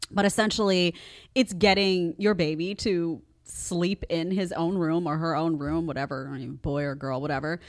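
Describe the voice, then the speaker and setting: A woman in her thirties hosting a casual reaction show and talking to her live chat, chatty and expressive. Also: fairly low pitch. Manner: chatty and animated, acts out quotes. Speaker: host reacting to clips.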